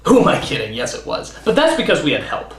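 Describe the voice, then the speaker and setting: A man hosting a comedic countdown review. He is sarcastic and animated, with quick comic asides. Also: a little high. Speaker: host and critic. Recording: roomy studio with faint music.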